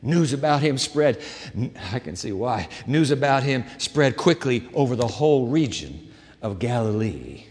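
A man preaching a sermon as a pastor, with an animated, dramatic delivery and shifting volume. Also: mid-range voice, measured pace. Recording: long hall reverb.

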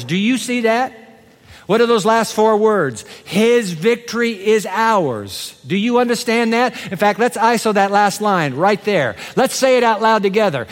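A man's voice: very high-pitched, big-room sound. A man preaching a sermon with emphasis, having the congregation repeat lines after him. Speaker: pastor.

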